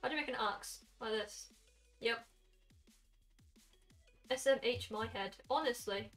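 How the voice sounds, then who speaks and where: A young woman in her late teens with a Welsh accent, chatting casually with her stream chat while gaming and throwing in quick asides. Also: fairly high pitch, a bit bright. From Wales. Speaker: game streamer. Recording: somewhat distant mic with faint music.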